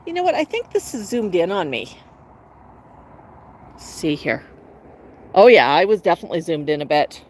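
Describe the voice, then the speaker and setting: A woman's voice: lowish voice, huge pitch swings, moderate pace, pauses often, poor audio. A woman hosting a casual phone livestream outdoors, chatting with viewers and coaxing her parrots in a playful sing-song. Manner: chatty, coaxing baby talk to her birds. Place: outdoor patio in the shade. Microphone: cell phone. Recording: outdoor phone audio with faint traffic.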